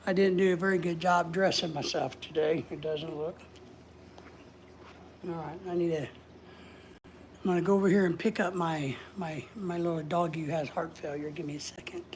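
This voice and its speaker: On her casual livestream, a woman chats in a rambling way and reads out viewers' comments, her fairly low, slightly mellow voice steady and at normal speed with frequent pauses. A bit of hiss or hum can be heard.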